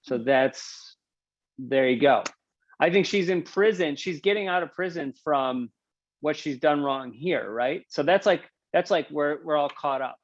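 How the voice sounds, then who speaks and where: A man's voice: fairly high pitch, unhurried, no room sound, muffled recording. A man hosting a book club over a video call, talking in a rambling, self-deprecating way with lots of fillers. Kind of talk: casual video call discussion.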